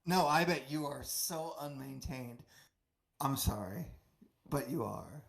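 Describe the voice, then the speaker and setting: A man's voice: medium pitch, expressive, takes it slowly, creaky, a bit bright. A man, a guest on a live stream, talking in a rambling, emotional way with heavy swearing. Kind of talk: casual stream chat.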